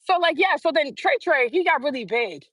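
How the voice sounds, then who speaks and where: This high-voiced woman in her forties talks fairly quickly to her phone during a relaxed live stream. Blunt and lively, she says things twice for emphasis, and the recording is dry and close-miked with no room around it.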